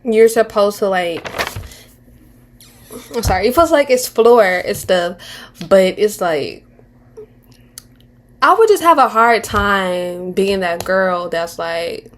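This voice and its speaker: A woman's voice: medium pitch, animated, slow, long pauses. A woman in her twenties giving casual commentary on a reality show, candid and slangy, rambling with restarts and mocking impressions. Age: 20s.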